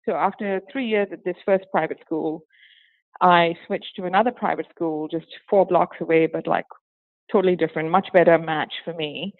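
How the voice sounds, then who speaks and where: A woman's voice: on the low side, normal speed, no room sound. Woman with a hybrid British-tinged accent on a tinny line. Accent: hybrid with a hint of British. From Singapore. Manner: animated, laughs often, breaks into acted quotes. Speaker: interview guest, former teacher. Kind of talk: casual interview conversation. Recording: tinny phone-like line, dry.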